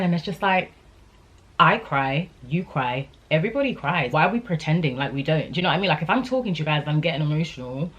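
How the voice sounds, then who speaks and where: A twenty-something woman talks straight to her camera in a rambling, candid vlog, chatty and open about her feelings. Her voice sits low and carries a gravelly, vocal-fry edge. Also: dull audio. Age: 20s. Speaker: vlogger. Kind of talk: casual talking-to-camera vlog.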